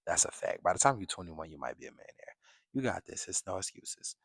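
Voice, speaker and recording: A man's voice: deep voice, expressive, fast, creaky, fairly bright tone, slightly rough, dry recording. A young man in a casual vlog monologue, giving emphatic, slang-filled life advice straight to the camera. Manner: emphatic, streetwise slang, rhetorical "you get what I'm saying". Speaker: vlogger.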